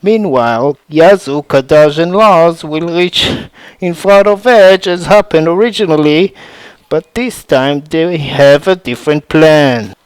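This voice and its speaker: A man's voice: on the high side, a little slow, clear, resonant tone. A man narrating a fan-made story in a plain, step-by-step way.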